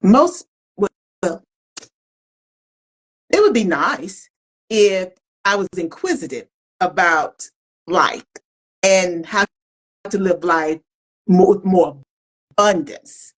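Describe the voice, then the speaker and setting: A woman's voice: lowish voice, takes it slowly, long pauses, rough recording. A middle-aged woman co-hosting a podcast, talking candidly and colloquially, reflecting openly in casual chat. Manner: animated, colloquial, self-reflective. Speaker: podcast co-host. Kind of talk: candid conversational talk.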